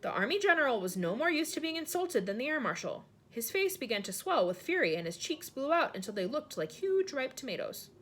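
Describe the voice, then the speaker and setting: A woman reading a children's novel aloud in an expressive storyteller manner. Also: high voice, slight background noise. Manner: expressive, brisk narration.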